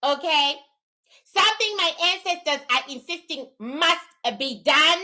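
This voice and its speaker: A middle-aged woman with a very high, bright, sharp-edged voice rants to her livestream viewers without a script. She scolds in a fiery, profane way while giving her spiritual readings. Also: measured pace, low-quality recording. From lives in Canada. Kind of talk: unscripted livestream rant.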